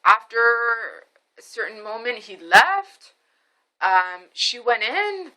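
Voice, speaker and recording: A young woman vlogger tells a story straight to camera with a bright, forward tone. Her pitch sits a little high. She keeps it animated and swears freely. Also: slow pace, low-quality recording.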